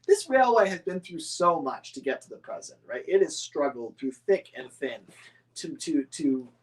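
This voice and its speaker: A man's voice: fairly high pitch, lively intonation, normal speed. A man rambling enthusiastically as a model-making hobbyist answering viewer questions, with many fillers and restarts. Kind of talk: casual chat.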